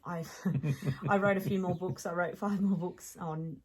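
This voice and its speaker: A woman with an Australian accent, a podcast guest telling stories in casual chat, animated, laughing often and restarting sentences. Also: on the low side, moderate pace, rough recording.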